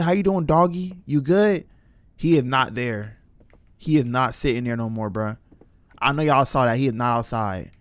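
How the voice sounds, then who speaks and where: A man's voice: mid-range voice, no room sound. A young man streaming a horror game, chatting nervously to his viewers in casual slang. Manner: chatty, jittery, talks to chat in slang. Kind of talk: live horror game commentary.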